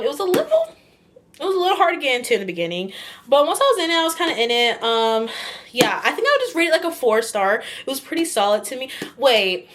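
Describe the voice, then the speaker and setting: This woman has a high-pitched, fairly bright voice. She's chatting casually in a vlog about the book she's currently reading, gushing freely, wandering off on tangents and filling her speech with "like" and "kinda."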